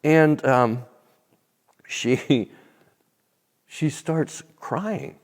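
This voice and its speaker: A man telling a faith testimony as an interview guest, animated and then dropping soft and low at tender moments. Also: extremely slow. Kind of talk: storytelling testimony. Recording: long reverb.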